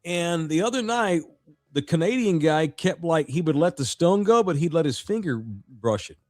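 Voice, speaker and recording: A man's voice: fairly high pitch, moderate pace, dry recording, studio quality, soft background music. A man co-hosting a sports podcast, telling stories in a casual, profane way and acting out what others said. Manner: animated storytelling, profane, acts out quotes loudly. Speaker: podcast co-host.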